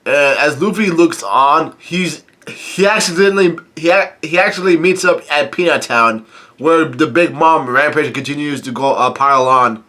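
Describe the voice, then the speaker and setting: A man with a stuffy nose rambles through a casual comic read-through, breaking into laughs between fillers and restarts. His voice is bright and forceful. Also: fairly high pitch, normal speed. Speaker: comic reader and commentator.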